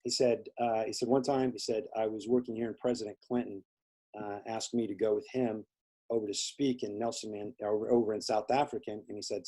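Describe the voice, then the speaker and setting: A man's voice: lowish voice, dark tone, husky. A man being interviewed, telling a long story in casual conversation, rambling with many fillers and acting out the people he quotes. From Indiana. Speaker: interview guest.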